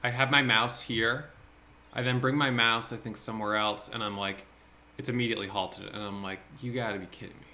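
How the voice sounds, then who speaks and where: Excitable bright-voiced man recapping trades. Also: on the low side, slight background noise. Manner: excitable, thinking aloud with quick restarts. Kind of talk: casual screen-share trade recap.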